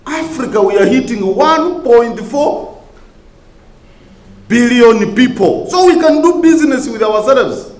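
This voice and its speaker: A man's voice: very high-pitched, animated, unhurried. Male minister from Uganda, public speaker, repeats points for emphasis, roomy conference hall sound. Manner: oratorical, repeats key phrases for emphasis, rising to emphatic peaks. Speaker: government minister giving a conference speech. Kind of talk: public speech to a conference audience.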